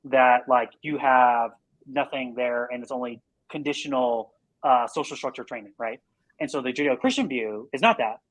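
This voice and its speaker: A man talking as a podcast guest in casual conversation, earnest and rambling, with lots of "like" and quick run-on bursts. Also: medium pitch, a bit bright, dry recording, rough recording.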